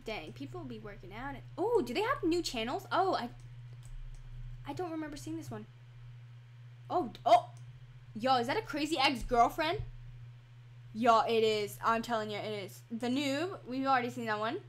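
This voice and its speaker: A high-voiced woman talks through her game on a desk microphone. She is chatty and easily excited, with her sentences running on through fillers and restarts. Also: normal speed, pauses often, a little hiss or hum. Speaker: gaming channel host. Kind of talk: casual game commentary. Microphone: computer microphone.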